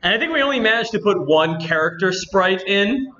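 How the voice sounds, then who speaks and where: A man's voice: high voice, animated, fairly quick, bright, forceful tone, lo-fi sound. A man hosting a convention panel, chatting to the audience and thinking aloud as he works. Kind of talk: live demo to an audience.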